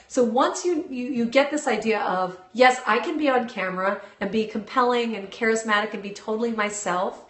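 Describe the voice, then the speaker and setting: A woman's voice: fairly high pitch, a bit bright, echoey room. A woman hosting a live-stream video Q&A, bubbly and enthusiastic, chatting casually with her viewers through a phone.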